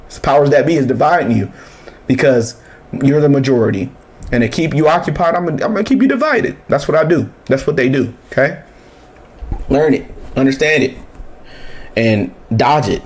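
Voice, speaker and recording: Blunt, animated man ranting over clips. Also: on the high side, brisk. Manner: blunt, animated, mocking, swears freely. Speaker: reaction commentator. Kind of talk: casual reaction commentary.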